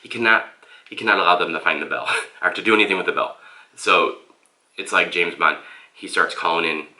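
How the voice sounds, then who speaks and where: A man's voice: sits low, fairly quick, pushed and bright, echoey room. A man reviewing a book on camera in a loose, rambling way and often calling his viewers "guys.". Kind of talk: casual vlog book review. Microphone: camera mic.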